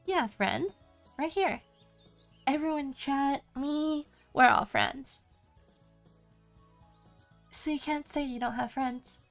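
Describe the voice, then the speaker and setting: Gravelly-voiced lady streamer, casual gaming chat, slow and easy. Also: high-pitched, faint music behind. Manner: chatty, reads chat aloud, lists options.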